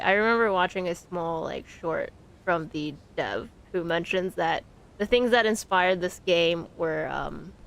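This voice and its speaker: A woman's voice: on the low side, vocal fry, fairly bright tone. A woman streaming a horror game, chatting casually and laughing often as she plays. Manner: chatty, giggly, rambling with many fillers. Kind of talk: casual gameplay commentary. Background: game music.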